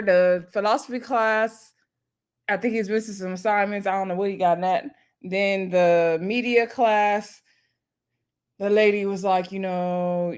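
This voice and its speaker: A woman talks through a reality show episode in a loose, chatty way. She laughs easily and slips into quick impressions of what people said. Her voice sits at an ordinary middle pitch. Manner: chatty, laughs often, lively retelling with voiced quotes. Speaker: reality show recap host. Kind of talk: casual recap commentary.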